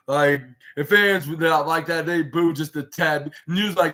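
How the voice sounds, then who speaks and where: A man's voice: fairly high pitch, a little fast, fairly bright tone. Rambling man recapping wrestling. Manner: rambling with many fillers and restarts; paraphrases others in loose quotes. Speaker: podcast host recapping wrestling. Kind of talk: casual recap podcast.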